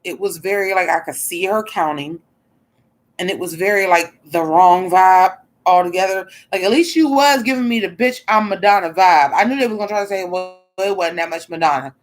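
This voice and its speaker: Woman, casual stream commentator: blunt, expressive, swears, talks back to chat. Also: lowish voice, fairly quick. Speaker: drag show commentator.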